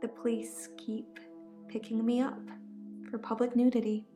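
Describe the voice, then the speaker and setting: A woman voicing an odd young patient with blackouts, speaking calmly and unbothered, in echoey game audio. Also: a little high, measured pace, music in the background, lightly acted.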